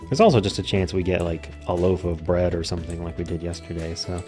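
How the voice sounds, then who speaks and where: A man with a very low voice gives relaxed let's-play commentary, walking through how the game works step by step. Faint game music runs underneath his talk. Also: fast talker. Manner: relaxed, explains mechanics step by step. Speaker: gameplay commentator.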